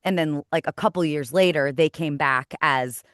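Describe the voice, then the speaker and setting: A woman in her thirties, a former kids' TV host, chatting as a podcast guest with animated, rambling storytelling. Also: low voice, moderate pace, no room sound, clean studio sound. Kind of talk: casual interview chat.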